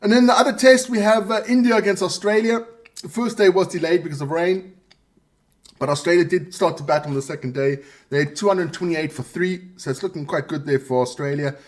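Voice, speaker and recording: A man's voice: sits high, steady tone, fairly quick. A man hosting a live sports show, running through results in a casual, joking way with asides to his viewers. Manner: chatty, joking, reads scores with asides to viewers.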